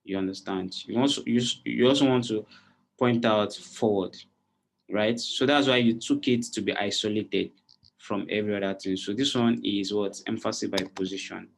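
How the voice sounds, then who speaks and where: The voice is lowish and gravelly, with fairly even intonation and a moderate pace, against slight background noise. It belongs to a man running a live online design class who explains step by step and checks in with his students again and again.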